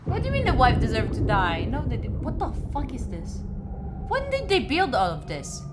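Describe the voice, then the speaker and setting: A young woman streaming a game, reacting excitedly, repeating words in bursts, swearing and talking to her chat. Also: a little high, moderate pace. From Italy. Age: young adult. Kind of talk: live gameplay reactions. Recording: clear background noise.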